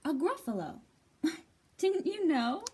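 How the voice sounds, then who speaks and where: A woman voicing a tiny, clever, boastful male mouse in a children's storybook reading, high and cheeky. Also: sing-song, takes it slowly, darkish tone, exaggerated voice.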